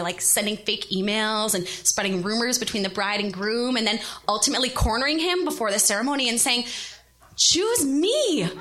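A woman in her thirties telling a personal story, animated and self-deprecating. Her voice is high and swoops around with lots of movement. The tone is bright and forward.

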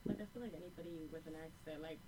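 A woman's voice: low voice, racing, crowd noise. A young woman in casual chat, rambling with many "like" fillers. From Puerto Rican family.

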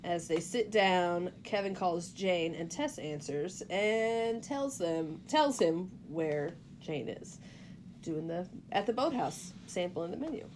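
A woman's voice: fairly low pitch, animated, slow, darkish tone, a little hiss or hum. A woman co-hosting a podcast, retelling a film's plot in casual chat and acting out the characters' quoted lines. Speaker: podcast co-host. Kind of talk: casual movie recap.

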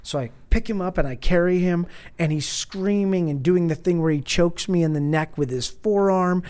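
A man's voice: high voice, moderate pace, clean tone. A man in his thirties on a podcast, telling a story in casual chat and acting out the quotes in a raised voice. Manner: animated, acts out quotes in raised voice. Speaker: podcast host.

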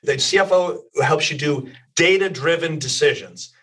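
A man's voice: fairly high pitch, moderate pace, a bit bright, husky. Male CEO guest, confident and explanatory, a little distant from the mic. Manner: confident, explanatory, with many "you know"s. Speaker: company president and CEO, guest. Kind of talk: interview answers.

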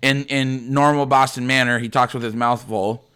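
Bright-voiced, blunt ranting man. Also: medium pitch, fairly even intonation, moderate pace, clear, resonant tone. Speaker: podcast co-host. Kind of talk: casual chat.

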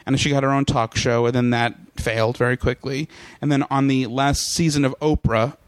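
A man's voice: medium pitch, brisk, no room sound. Young guy guest on a podcast, riffing and doing mocking voices, dry close sound. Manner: animated, mocking impressions, laughs often. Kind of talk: casual comedic storytelling.

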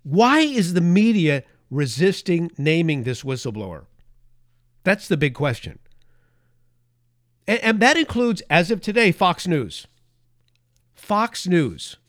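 A man's voice: a little high, big pitch swings, unhurried, long pauses, dry recording, studio quality. A man hosting a political talk show, delivering a heated opinion monologue with emphatic stresses and frequent restarts. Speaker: political commentary host.

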